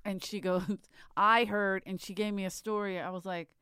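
A woman's voice: medium pitch, fairly even intonation, moderate pace, clear, resonant tone, no echo. A woman co-hosting a casual chat, telling a story with frequent restarts and asides. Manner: chatty, laughs often, trails off and restarts. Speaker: podcast co-host.

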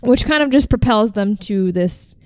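A woman's voice: mid-range voice, lively intonation, moderate pace, dry recording, clean studio sound. Chatty woman telling a story. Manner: chatty, profane, uses fillers like "like" and "um". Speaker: podcast host telling a band history. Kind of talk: casual storytelling chat.

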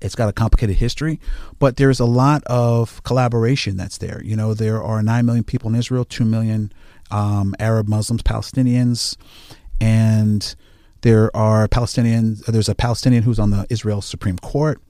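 A man speaking as an interview guest in casual conversation, halting often with fillers and restarts. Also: on the low side, flat delivery, dark tone, no echo, studio quality.

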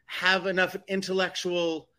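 A man's voice: high voice, completely flat delivery, a little slow, pushed and bright. A man co-hosting a casual talk show, rambling through indignant commentary with frequent restarts. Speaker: co-host. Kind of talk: casual chat.

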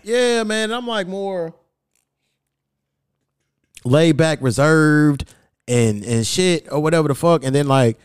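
Young male podcast host, a bit high-pitched, profane and animated, dry close sound. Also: takes it slowly, pauses often, clear, resonant tone, dry recording. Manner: profane, animated, acts out quoted lines. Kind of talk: casual storytelling chat.

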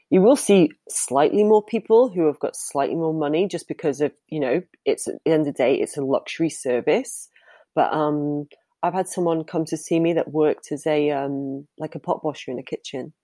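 A woman's voice: sits low, moderate pace, warm tone, dry recording. A woman, a professional dominatrix, answering interview questions in a candid, chatty way and laughing easily.

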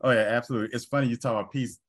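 A man's voice: mid-range voice, steady tone, very fast. A man who coaches, talking casually about faith with lots of fillers and easy agreement. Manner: agreeable, rambling, full of fillers. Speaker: basketball coach.

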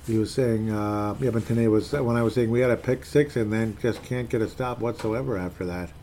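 A man's voice: on the low side, steady tone, fairly quick, mellow, slight background noise. A man ranting in a casual, rambling way about his team's game, reading posts aloud and sounding fed up. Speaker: sports fan commentator. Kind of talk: casual solo sports rant.

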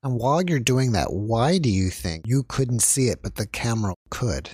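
A man's voice: medium pitch, lively intonation, normal speed, a little mellow, husky, dry recording, studio quality. A man hosting a podcast, asking his guest curious questions. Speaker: podcast host. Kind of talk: interview questions.

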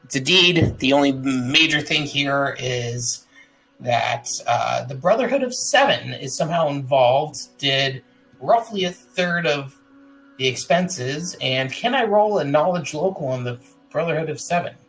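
A man playing a tabletop game, reading a legal deed aloud haltingly and stumbling over words with fillers. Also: medium pitch, lively intonation, fairly bright tone, slightly rough, soft background music, poor audio. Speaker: player.

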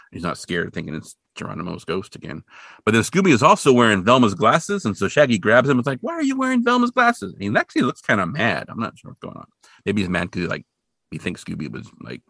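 A man with a low voice that swings widely in pitch, chatting loosely as a podcast co-host. His tone is bright and forceful, and the recording is close and dry with no room sound. He rambles with plenty of fillers and pokes fun at himself. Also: gravelly, husky, no room sound. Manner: rambling, self-deprecating, with many fillers. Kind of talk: casual chat recapping a cartoon episode.

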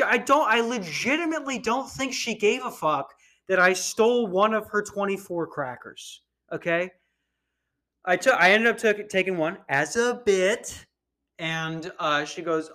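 Podcast host, male, twenties, slightly higher pitch, crude rambling storyteller. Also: bright, forceful tone. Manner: profane, rambling, acts out voices in quotes. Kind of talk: casual storytelling rant.

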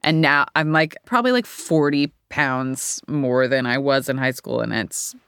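Woman, 30s, actor guest, candid, rambling, low voice, dry close sound. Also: unhurried, a bit bright, clean tone, no room sound. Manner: candid, rambling, laughs often. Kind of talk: casual interview chat.

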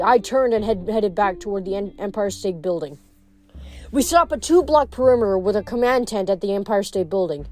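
A woman's voice: a little high, a little mellow, no echo. A woman reading a novel aloud in a casual manner, stumbling and restarting words now and then. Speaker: reader.

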